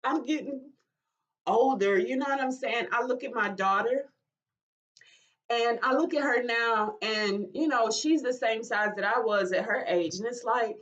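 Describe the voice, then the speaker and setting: A woman, talking in a halting, emotional way in a personal vlog, with sighs and restarts. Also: a little high, a bit bright, recorded from a distance, muffled recording. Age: 40s. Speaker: vlogger.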